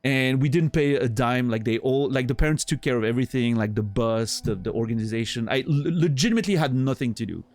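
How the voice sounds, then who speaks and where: A man's voice: mid-range voice, fast, few pauses, darkish tone, dry recording. Rambling man chatting on stream. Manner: rambling, many restarts and fillers, laughs easily. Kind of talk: casual chat with viewers.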